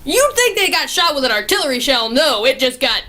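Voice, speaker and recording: A young woman reviewing a movie in casual chat, gushing and excitable, swearing freely and filling her talk with fillers. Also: sits high, a little fast.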